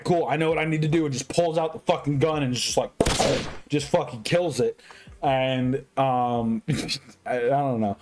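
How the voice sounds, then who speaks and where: A drunk man giving a casual movie review, rambling and profane, full of restarts. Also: fairly high pitch.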